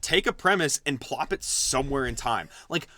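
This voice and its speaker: A man co-hosting a casual podcast, rambling and animated, swearing casually as he thinks aloud. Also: medium pitch, normal speed, no echo. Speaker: podcast co-host. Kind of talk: casual chat.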